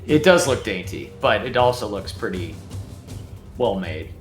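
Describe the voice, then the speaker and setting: A man's voice: on the low side, sing-song, measured pace. A man narrating as game master in a loose, laid-back manner with many fillers. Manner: loose, filler-heavy, laughs easily. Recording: roomy echo, faint music behind.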